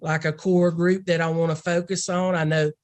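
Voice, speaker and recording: A woman's voice: lowish voice, flat delivery, moderate pace, darkish tone, no room sound. A woman football recruiting analyst in a casual podcast discussion, rambling and thinking aloud.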